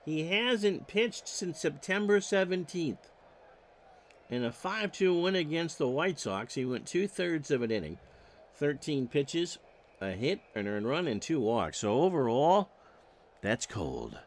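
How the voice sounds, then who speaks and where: A man's voice: a little high, expressive, measured pace, a little hiss or hum. A man calling baseball play-by-play, reading off stats with wry joking asides. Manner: stat-heavy calls with wry joking asides. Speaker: play-by-play announcer.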